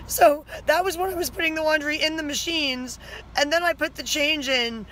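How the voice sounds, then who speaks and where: A woman's voice: high voice, moderate pace, a bit bright, a little hiss or hum. Exasperated chatty woman vlogging outdoors. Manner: chatty, frequent "like" fillers; exasperated retelling of a grievance. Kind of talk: casual vlog narration. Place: outdoors by a house.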